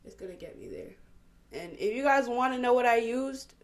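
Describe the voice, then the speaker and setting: Lively young woman chatting while doing makeup. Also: on the high side, reverberant. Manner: animated, laughing storyteller, drawn-out exclamations. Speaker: podcast host. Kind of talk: casual get-ready-with-me chat.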